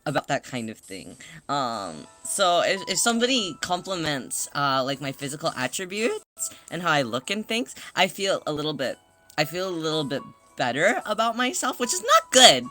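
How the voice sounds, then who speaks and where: A man's voice: fairly high pitch, big pitch swings, normal speed, faint music behind. A man chatting casually on a livestream, rambling and self-conscious, greeting viewers as they arrive. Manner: greets chat members warmly.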